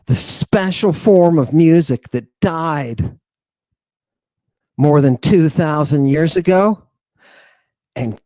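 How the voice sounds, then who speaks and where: A man's voice: fairly high pitch, warm tone, no echo. A man giving a theatrical lecture to his audience, exclamatory and mocking, with sudden outbursts and asides, and he keeps quizzing his listeners.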